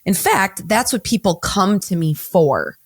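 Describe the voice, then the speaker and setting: Blunt, fast-talking woman guest. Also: medium pitch, expressive, husky, dry recording. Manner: blunt, unapologetic, talks fast in bursts with many restarts. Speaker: guest, mental health counselor. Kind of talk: candid interview conversation.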